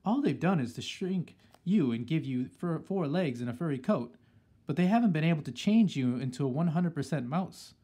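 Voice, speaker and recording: A man voicing a shrewd, excitable old grandmother who talks in a brisk, commanding way. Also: a little high, husky.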